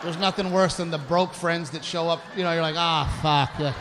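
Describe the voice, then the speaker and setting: A man performing a crude, self-mocking stand-up routine on a comedy club stage, telling an animated story. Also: fairly high pitch, brisk, long reverb tail. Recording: live club recording with audible background noise.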